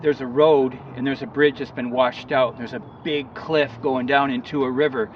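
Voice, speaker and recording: A man giving an earnest motivational talk about recovery, telling a parable and acting out the shouts in it. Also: medium pitch, fairly even intonation, normal speed, far from the mic, highs cut off, a little hiss or hum. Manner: earnest, acts out shouts in his story. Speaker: recovery counselor.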